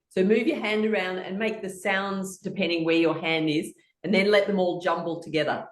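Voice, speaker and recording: A woman's voice: mid-range voice, steady tone, a little fast, hardly any pauses, echoey room. A woman leading a guided laughter exercise, chanting rhythmic laughing sounds and giggling between her instructions. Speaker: laughter session leader.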